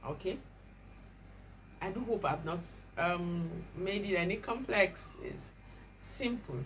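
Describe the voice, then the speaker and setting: A woman teaching pronunciation, spelling out words letter by letter and repeating them slowly with exaggerated care. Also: on the low side, slight background noise, poor audio. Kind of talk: slow, drawn-out pronunciation lesson.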